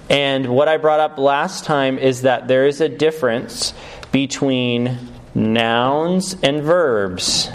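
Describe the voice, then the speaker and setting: A man's voice: mid-range voice, slight background noise. Man teaching a sermon, asking questions. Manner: explanatory, asks the listeners questions. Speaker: pastor.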